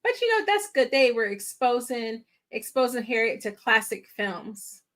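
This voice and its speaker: Woman host, casual film reaction, high-pitched, animated slang-filled chatter. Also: moderate pace. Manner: playful and exclaiming, using slang, talking to viewers. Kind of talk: casual movie reaction commentary.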